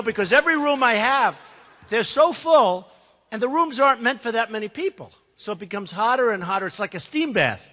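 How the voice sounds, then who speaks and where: A man's voice: very high voice, pushed and bright. A man who is a political candidate, giving a campaign speech to a live audience in a large hall, talking emphatically, rambling and repeating himself. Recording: long reverb of a large hall.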